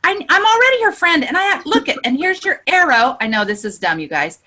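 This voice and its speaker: High, lively woman leading an online class. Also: a little fast. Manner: voice climbs high when excited; chatty and exclamatory, with many "look" and "you know". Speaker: trainer leading an online group session. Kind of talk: casual instructional talk. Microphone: video call.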